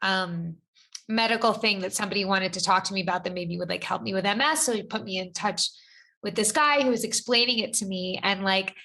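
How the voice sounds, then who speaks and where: A brisk, sharp-toned woman with a mid-range voice co-hosts a podcast. Her talk is casual and rambling, packed with "like" fillers.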